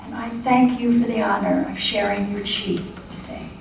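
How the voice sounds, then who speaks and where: A middle-aged woman teaching qigong to a group, calmly guiding each movement with playful asides. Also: mid-range voice, normal speed, gravelly, recorded from a distance. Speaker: qigong instructor. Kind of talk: guided exercise instruction. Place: large echoey meeting room. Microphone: lapel mic. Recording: echoey room audio with noise.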